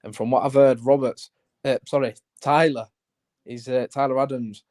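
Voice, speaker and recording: A man's voice: medium pitch, steady tone, normal speed, a little mellow, no room sound, clean studio sound. A man from Leeds with a Yorkshire accent, calling in to a fan phone-in with friendly, chatty talk. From Leeds, England. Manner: chatty and friendly, calls the host mate. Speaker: caller. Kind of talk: casual phone-in chat.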